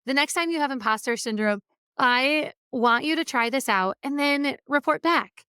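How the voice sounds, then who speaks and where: A woman's voice: sits high, expressive, moderate pace, bright, forceful tone, clear, resonant tone, dry recording, clean studio sound. A woman hosting a motivational podcast, talking conversationally and acting out what other people say. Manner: conversational, acts out quoted remarks. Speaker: podcast host and keynote speaker.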